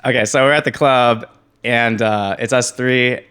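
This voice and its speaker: A man's voice: medium pitch, unhurried, background noise. A man in his twenties, a podcast guest, telling a story casually and acting out other people's lines with jumps in his voice. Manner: animated, acts out quoted voices.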